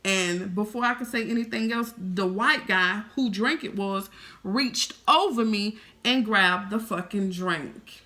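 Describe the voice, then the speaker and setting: Animated, bright-voiced woman vlogger. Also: mid-range voice, measured pace. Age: 30s. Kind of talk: casual storytelling to viewers.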